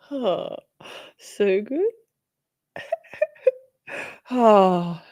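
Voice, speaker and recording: A woman chatting casually as she reacts to a trial, giggly and playful, swinging from soft whispers to high squeals. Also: sing-song, drawn-out words, no room sound, clean studio sound.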